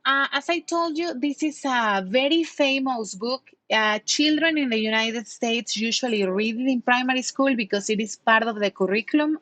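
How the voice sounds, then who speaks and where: A patient woman leads an online English lesson, explaining words and asking her students questions. Her voice is fairly high. The sound is dry and close to the microphone. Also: fairly bright tone, dry recording. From Mexico. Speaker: English teacher.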